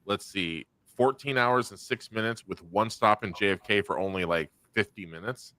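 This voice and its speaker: A man's voice: fairly low pitch, moderate pace. A man hosting a podcast in casual chat, telling stories and swearing freely. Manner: animated, swears a lot, tells stories. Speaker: podcast host.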